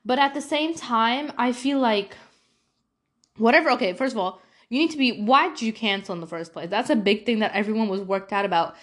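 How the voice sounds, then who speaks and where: Young woman doing a storytime vlog, super animated, keeps acting out the dialogue. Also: a little high, brisk. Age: young adult. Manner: animated, acts out her own past dialogue. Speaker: vlogger. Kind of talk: casual storytime monologue.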